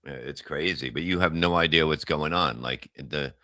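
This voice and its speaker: Very deep-voiced, bright-toned joking man. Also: moderate pace, no echo. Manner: joking, teasing, rambling. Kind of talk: casual chat.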